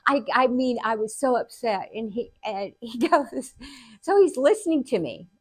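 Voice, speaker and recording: An older woman hosting a show, telling personal stories in a casual, animated way. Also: fairly high pitch, normal speed, breathy edge, dry recording. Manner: animated, acts out quotes with laughter. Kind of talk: casual storytelling.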